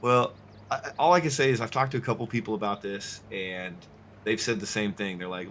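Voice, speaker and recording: Animated, swearing male streamer. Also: on the low side, fairly quick, slight background noise. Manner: animated, profane storytelling. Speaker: streamer and host. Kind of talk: casual chat.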